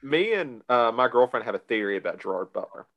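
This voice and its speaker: American man, middle pitch, hedging, casual co-host chat. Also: sing-song, brisk, lo-fi sound. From United States. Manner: hedging, filler-heavy talk.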